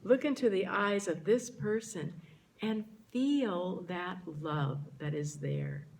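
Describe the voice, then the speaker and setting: Slow, low-voiced woman minister preaching. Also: gravelly, darkish tone, slight background noise. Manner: drawn-out emphasis on key words, speaking to the congregation. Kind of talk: sermon. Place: church sanctuary.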